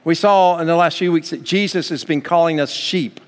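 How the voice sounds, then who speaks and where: In a church sanctuary with long hall reverb, an American pastor preaches a sermon at a normal pace. His voice sits a little high, and he builds toward fervent emphasis.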